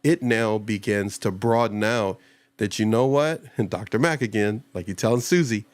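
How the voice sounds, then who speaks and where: A man's voice: moderate pace, no room sound. A man hosting a live-streamed talk show, chatting casually and rambling, and often acting out other people in voices. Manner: animated, jumps into high-pitched voices when acting out others. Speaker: show host.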